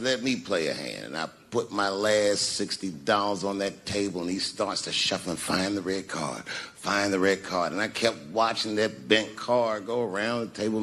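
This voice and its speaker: A man telling a profane stand-up story, swinging between loud outbursts and hushed mumbles. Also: lowish voice. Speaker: stand-up comedian.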